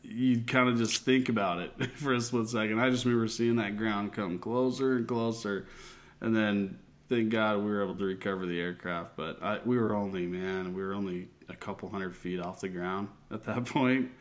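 A man's voice: lowish voice, steady tone, moderate pace. A man and military aviation veteran chatting casually about a close call, laughing often as he talks. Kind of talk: casual conversation.

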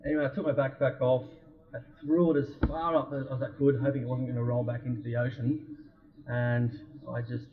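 A man tells a story in an easy, rambling way, with lots of "like" and restarts. His pitch is mid-range. The sound is thin and boxy, like a phone line. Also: fairly quick. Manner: animated, filler-heavy storytelling. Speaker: photographer guest. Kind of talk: casual chat, storytelling. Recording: phone-like lo-fi audio.

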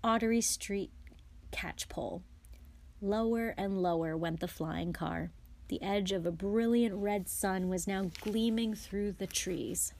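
A woman guest reader narrating a chapter aloud with calm, measured delivery. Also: medium pitch. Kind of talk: audiobook reading.

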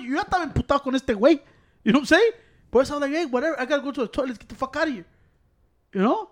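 Fast-talking high-voiced man. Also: animated. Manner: blunt, profane, says güey constantly. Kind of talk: casual chat, mixing Spanish and English.

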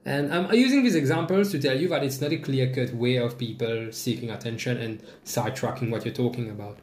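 A man hosting a podcast alone, telling a personal story in casual, swearing talk with sudden jumps in pitch. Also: fairly quick, a little mellow. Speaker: podcast host. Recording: echoey room.

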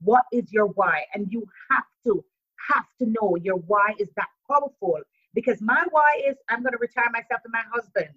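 A woman's voice: fairly high pitch, fairly quick. A woman from Jamaica with a mixed Jamaican and American accent, a podcast guest speaking emphatically and repeating her key phrases. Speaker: interview guest, entrepreneur. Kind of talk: motivational interview talk. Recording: dull lo-fi audio.

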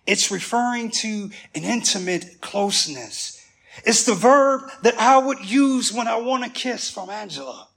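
Slow, gravelly-voiced male preacher. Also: high voice. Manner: animated storytelling with humorous asides. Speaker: pastor. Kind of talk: sermon.

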